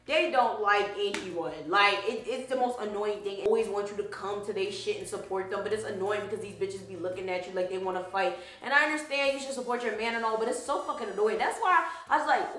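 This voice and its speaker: A woman's voice: medium pitch, brisk, hardly any pauses, reverberant, rough recording. Sassy young woman telling a story. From Haitian background. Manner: animated, sassy, swears freely. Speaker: vlogger. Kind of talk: casual storytime.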